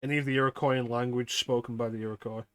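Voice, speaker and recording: A man's voice: medium pitch, flat delivery, a bit bright, dry recording. A man hosting a game stream, chatting casually and swearing as he jokes and reads things aloud. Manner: crude, joking, reads aloud haltingly. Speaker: streamer host. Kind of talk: casual chat while gaming.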